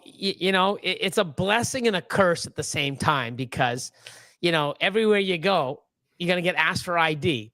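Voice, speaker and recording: A man's voice: high voice, fairly bright tone, no room sound, studio quality. Rambling, profane man in his fifties. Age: 50s. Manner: rambling, profane, laughs often. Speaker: livestream host. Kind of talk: casual chat.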